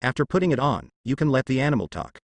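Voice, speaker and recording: A man's voice: mid-range voice, big pitch swings, quick pace, no room sound. A man reading as a cheerful little robot girl. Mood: chirpy.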